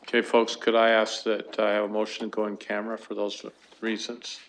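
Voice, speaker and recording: Low, flat-voiced man chairing a meeting. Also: a little fast, a little hiss or hum. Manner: hesitant, with fillers and restarts. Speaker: committee chair. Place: council chamber.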